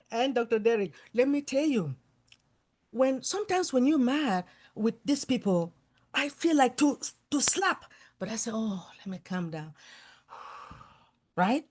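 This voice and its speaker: A woman talking as a guest on an online talk show, telling animated stories full of asides over a video call. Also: sits high. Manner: animated storytelling with many asides. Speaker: guest speaker. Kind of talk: casual talk-show chat.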